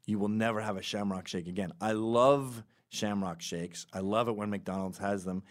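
Animated man riffing on a podcast. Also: lowish voice. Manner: animated storytelling with quick asides and laughs. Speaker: podcast host. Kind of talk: casual comedic monologue.

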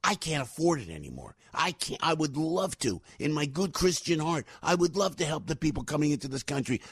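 New talk radio guy, husky voice, swoops all over the place, rants and rambles. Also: a little high, big pitch swings, a little fast, few pauses, no room sound, clean studio sound. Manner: rambling, emphatic, gets fired up. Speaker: radio talk show host. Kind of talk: opinionated talk radio monologue. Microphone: studio radio mic.

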